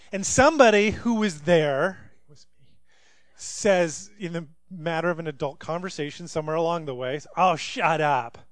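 A man's voice: sits high, dry recording. A male pastor preaching a sermon to a live congregation, opening with funny, conversational stories. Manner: conversational, humorous storytelling. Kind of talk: sermon with storytelling.

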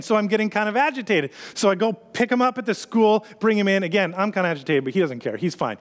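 High-voiced man telling a story in a hall. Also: expressive. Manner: conversational, builds tension with rapid repeated phrases. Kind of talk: storytelling sermon. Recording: long hall reverb.

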